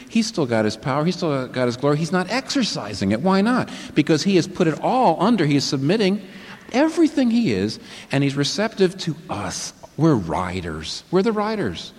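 Animated male preacher in a reverberant hall. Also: on the high side, moderate pace, slightly rough. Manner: emphatic, rhetorical questions, answers them himself. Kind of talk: sermon. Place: large church hall with a live congregation. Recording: long reverb in a large hall.

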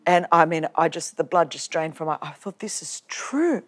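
A woman with an Australian accent giving a personal testimony talk, animated and humorous, acting out the lines she quotes. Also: low voice, brisk. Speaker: preacher.

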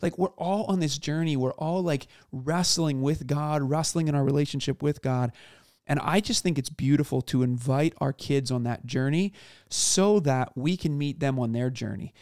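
Gravelly-voiced man musing earnestly. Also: on the high side, darkish tone, no echo, studio quality. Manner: earnest, searching, with halting restarts. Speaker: podcast co-host. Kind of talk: casual faith conversation.

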